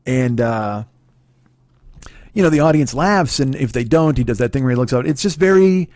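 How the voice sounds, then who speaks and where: A middle-aged man tells a long story on his podcast in a loose, rambling way, swearing freely and poking fun at himself. His voice sits at an ordinary mid pitch. The sound is close and dry, with no room echo. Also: lively intonation, normal speed, darkish tone. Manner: rambling, profane, self-deprecating, many restarts. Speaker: podcast host. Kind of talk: casual storytelling monologue.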